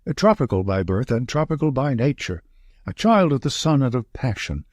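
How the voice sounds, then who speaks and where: A man's voice: medium pitch, very animated, normal speed, a little mellow, no echo. A man voicing a nervous, frightened male estate manager who talks in urgent, breathless short sentences.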